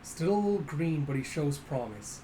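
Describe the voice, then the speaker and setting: A man voicing a calm old male monk who was once a karate master, speaking in a gentle, polite, unhurried way. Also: a little high, slight background noise, poor audio.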